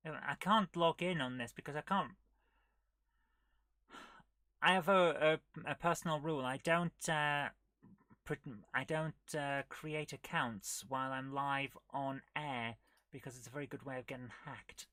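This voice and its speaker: A woman's voice: sits low, moderate pace, bright, forceful tone, dry recording. A woman hosting a casual retro gaming live stream, chatting and muttering to herself as she clicks through menus. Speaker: retro gaming show host.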